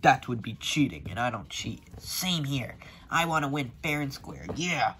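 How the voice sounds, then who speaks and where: Excitable man voicing a whole toy drama. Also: medium pitch, normal speed. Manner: excitable, shouting battle cries. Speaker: creator voicing all characters. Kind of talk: fan-made toy drama.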